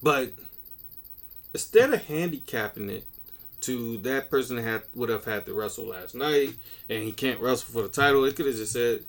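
A man co-hosting a casual wrestling podcast, ranting in an animated, profane and excitable way. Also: mid-range voice, moderate pace, vocal fry. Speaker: podcast co-host.

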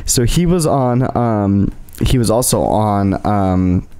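A man's voice: lowish voice, animated, takes it slowly, warm tone, clean tone. A man hosting a podcast from home, telling stories in a rambling, profane way with lots of restarts. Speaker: podcast host. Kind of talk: casual chat.

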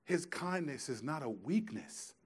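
Guy preaching a sermon, kinda high voice, goes quiet then gets loud, chatty asides. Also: big pitch swings, measured pace, breathy edge. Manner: emphatic, swings between quiet and loud; conversational, casual storytelling asides. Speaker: pastor.

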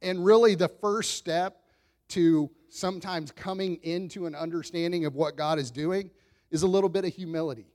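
Conversational male pastor, slightly high voice. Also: moderate pace, darkish tone. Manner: conversational storytelling, self-deprecating, chuckles often. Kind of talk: sermon.

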